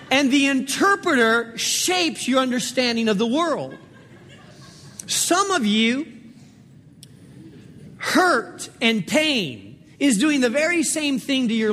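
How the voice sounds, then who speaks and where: A man with a high, light voice preaches from the pulpit and repeats his key lines to drive them home. He tells anecdotes between points in a sermon cadence. His voice rings out in a long, reverberant hall. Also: bright, forceful tone. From Spain. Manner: storytelling with emphatic repetition. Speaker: pastor.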